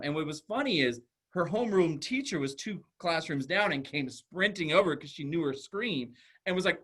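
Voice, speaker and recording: Guy giving a talk, kinda higher voice, earnest storytelling, keeps restarting sentences. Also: lively intonation, normal speed, fairly bright tone, husky. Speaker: school psychologist giving a talk. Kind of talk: storytelling presentation.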